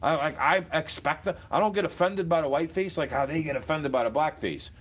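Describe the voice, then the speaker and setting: A man with a slightly high-pitched voice rants straight at the camera. He is combative and profane, dropping to low mutters before building into shouted outbursts. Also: fairly quick, slightly rough. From United States. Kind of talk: profane ranting monologue.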